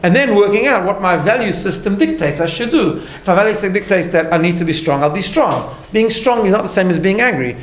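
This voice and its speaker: In this recorded class lecture, a man with a fairly high voice speaks earnestly and patiently, explaining things step by step. He keeps checking in with listeners by tagging lines with "right?", and a noticeable room echo colors the sound.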